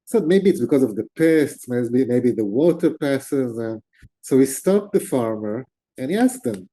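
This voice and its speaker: A middle-aged man, an interview guest, telling stories in a relaxed, animated conversational way. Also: medium pitch, measured pace. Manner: animated, gestures with hands while talking. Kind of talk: storytelling in conversation.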